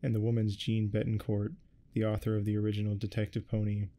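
A man voicing a cocky, laid-back young man who speaks dismissively, in a soft-spoken ASMR reading. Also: fairly low pitch, completely flat delivery, quick pace, natural voice. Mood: smug. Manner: dismissive, smug.

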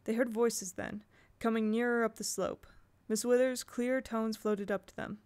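A woman narrating a children's novel aloud at a steady, measured pace. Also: on the high side. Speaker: audiobook reader. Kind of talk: storybook narration.

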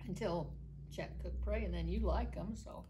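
A woman's voice: on the low side, normal speed, background noise. A woman co-hosting a church cooking show, explaining recipes in a friendly, chatty way. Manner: friendly, explanatory, laughs easily. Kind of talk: casual chat.

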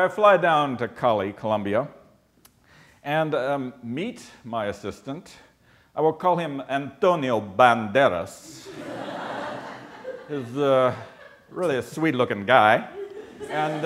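A wry American man tells a comic story to a live audience in an animated, expressive way. His voice sits a little high for a man, and he stretches some words for comic timing. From United States. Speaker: ecologist telling a story on stage.

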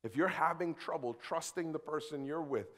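A young adult man preaching as a pastor, moving between quiet reflection and loud excited bursts. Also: a little high, normal speed. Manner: animated, swings from quiet to shouting. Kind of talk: sermon. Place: church hall.

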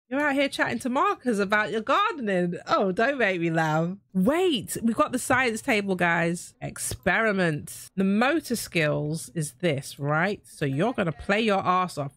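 A woman giving chatty, excitable let's play commentary, talking to her game characters and to viewers. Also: a little high, dry recording. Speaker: gaming YouTuber.

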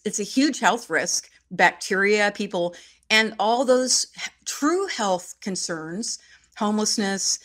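With a mid-range, slightly bright voice, a Northern California woman in her sixties from Shasta County answers questions in a conversational interview. She is emphatic and wry, and repeats phrases for emphasis.

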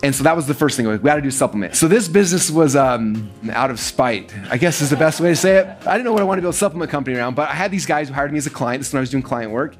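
Fast-talking animated man telling a story. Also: faint music behind. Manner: fast, animated, acts out quoted dialogue with big pitch jumps. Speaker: speaker telling a business story to an audience. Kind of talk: energetic storytelling talk.

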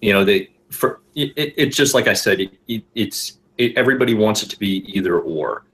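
A man in a casual podcast chat, talking haltingly with many restarts and fillers. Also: lowish voice, animated.

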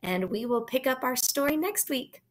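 A woman teacher reading a children's chapter book aloud to her class in a gentle, expressive way. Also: sits high, moderate pace.

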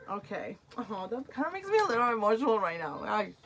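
A woman's voice: a little high, very animated, quick pace, few pauses, fairly bright tone, a little hiss or hum, poor audio. A woman with a non-native English accent hosting an unboxing vlog, chatty and effusive. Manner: chatty and effusive, easily moved. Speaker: unboxing channel host. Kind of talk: casual vlog chat.

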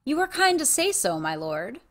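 A woman's voice: sits high, sing-song, moderate pace, voice pushed up. A woman voicing a proud, guarded young noblewoman who speaks with cool courtesy. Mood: courteous.

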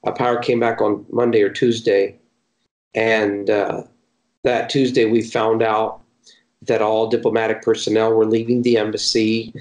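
A man's voice: lowish voice, little pitch movement, moderate pace, darkish tone. Man telling stories in a roomy space. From Chattanooga, Tennessee, USA. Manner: folksy, chatty, often restarting phrases. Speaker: missionary. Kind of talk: casual interview storytelling. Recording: roomy echo.

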